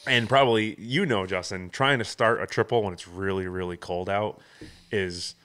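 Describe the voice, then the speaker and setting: A man's voice: on the low side, moderate pace, fairly bright tone. A man hosting a podcast, telling a story in a casual chat, laughing often and acting out the sounds of what happened. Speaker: podcast host.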